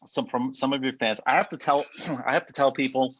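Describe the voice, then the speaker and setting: A man co-hosting a casual podcast, teasing his friend in a deadpan way, with a slight lisp from a bitten tongue. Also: mid-range voice, brisk, highs cut off. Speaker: podcast co-host. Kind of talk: casual joking chat.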